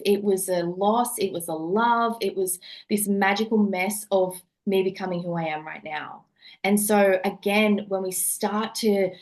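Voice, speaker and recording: A woman's voice: medium pitch, darkish tone. A woman neuropsychologist and coach, a podcast guest, speaking earnestly and repeating phrases for emphasis. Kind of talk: podcast conversation.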